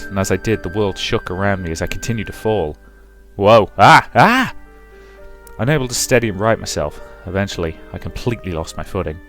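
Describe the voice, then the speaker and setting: A man hosting a let's play, reading a visual novel aloud with brisk narration and chatty asides. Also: sits low.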